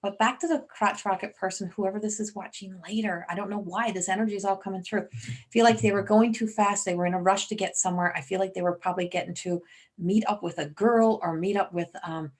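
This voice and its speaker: A woman doing a live psychic reading to camera, rambling and restarting as she relays messages. She talks straight into a webcam mic, at a middle pitch for a woman. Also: fairly even intonation, quick pace. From Newfoundland, Canada. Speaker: psychic medium.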